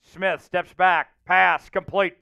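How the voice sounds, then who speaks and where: A man hosting a livestream and calling the plays of a simulated football game, reading names from the chat and getting loud on big plays. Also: high-pitched, slow pace, creaky, clear, resonant tone, highs cut off. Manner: excitable, shouts out chat names and hypes touchdowns. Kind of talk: live play-by-play commentary.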